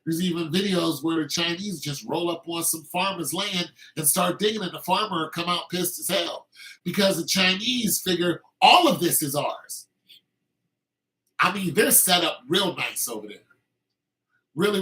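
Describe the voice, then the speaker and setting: A man's voice: fairly high pitch, sharp tone, poor audio. A man hosting a podcast, delivering an opinionated casual monologue, heated and emphatic with frequent restarts. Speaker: podcast host.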